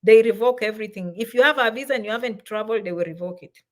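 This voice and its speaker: A middle-aged woman chats on a casual livestream, her voice pitched a little high. She reads out viewers' comments and answers them warmly, in an easy, familiar way. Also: very fast.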